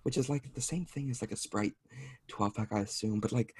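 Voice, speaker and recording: A man's voice: fairly low pitch, fairly quick, breathy edge, no room sound. A man chatting as a podcast guest, rambling and self-deprecating, laughing often. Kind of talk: casual chat.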